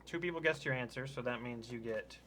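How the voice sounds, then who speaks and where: A man in a casual party game chat, playful and quick to laugh. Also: mid-range voice, sharp tone, a little hiss or hum.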